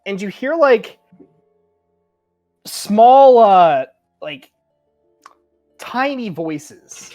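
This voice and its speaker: A woman's voice: medium pitch, sing-song, extremely slow, long pauses, dark tone, muffled recording, soft background music. A Canadian woman narrating a tabletop game as game master, rambling with lots of fillers and laughing at herself.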